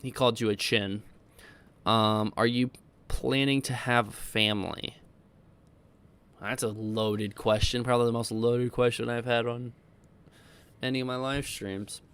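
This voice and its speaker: A man's voice: mid-range voice, fairly even intonation, unhurried, pauses often, fairly bright tone, clear, resonant tone. A man in his twenties from Iowa, rambling and correcting himself as he casually answers viewer questions on a stream. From Iowa, United States. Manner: rambling, self-correcting, easygoing. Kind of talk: casual livestream Q&A chat.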